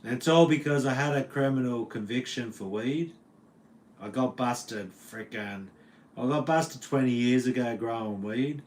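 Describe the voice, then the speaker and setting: A man's voice: mid-range voice, slight background noise. Laid-back, swearing Australian man. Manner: laid-back, slangy and profane. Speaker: metal guitar teacher streaming live. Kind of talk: casual livestream chat. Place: at home.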